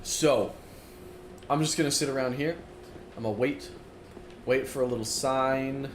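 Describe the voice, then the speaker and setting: A man's voice: medium pitch, a little slow. A young man streaming a game, chatting casually and rambling with lots of fillers while he plays and reads chat aloud. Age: young adult. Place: dorm-style room, standing while streaming. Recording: roomy echo, faint room noise.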